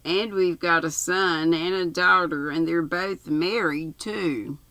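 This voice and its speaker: A woman's voice: fairly low pitch, fairly even intonation, slow, sharp tone, dry recording, heavily acted. An older woman reading aloud and voicing a mild, patient middle-aged husband visiting an elderly aunt.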